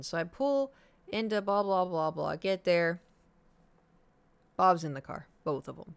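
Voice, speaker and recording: Animated, cursing streamer woman in her thirties. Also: on the low side, unhurried, creaky, pauses often, smooth, no echo. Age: 30s. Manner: animated, profane, acts out her own reactions. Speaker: livestreamer. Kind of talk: casual storytelling chat to viewers.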